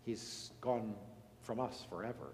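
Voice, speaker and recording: A man's voice: lowish voice, measured pace, a little hiss or hum. Man preaching in an echoey hall. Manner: earnest, swings from emphatic to hushed and solemn. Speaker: pastor. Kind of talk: sermon. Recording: echoey hall with long reverb.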